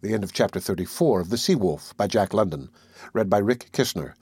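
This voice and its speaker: A man reading an audiobook in measured, steady first-person narration. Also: lowish voice, husky, no echo. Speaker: audiobook reader.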